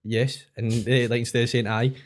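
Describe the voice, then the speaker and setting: A young Glaswegian man, a comedian guest, telling lively anecdotes in casual chat. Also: mid-range voice, normal speed. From Scotland. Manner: animated anecdotes, says aye a lot.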